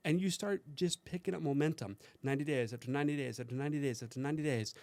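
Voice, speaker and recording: Male podcast guest, earnest motivational coach, slightly high voice, dry close sound. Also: rapid-fire, a little mellow, no echo. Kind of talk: casual podcast conversation.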